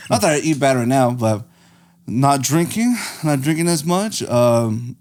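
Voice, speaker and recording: Animated, profane young man. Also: medium pitch, unhurried. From Mexico. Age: 20s. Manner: laughing, profane, animated storytelling. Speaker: podcast guest. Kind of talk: casual chat.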